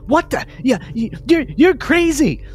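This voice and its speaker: A man voicing a jumpy male thug, speaking high and excitable. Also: slow, soft background music. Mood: panicked.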